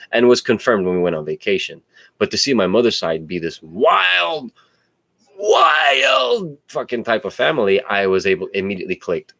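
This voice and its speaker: A man casually telling personal stories in an animated, digressive way, swearing freely. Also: sits low, no echo. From United States. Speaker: podcast host.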